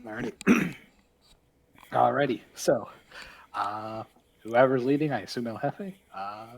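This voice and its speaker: A man runs a tabletop game as game master, his voice husky. He narrates haltingly, with lots of fillers and restarts. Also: mid-range voice, big pitch swings, poor audio. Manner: hesitant, many fillers and restarts.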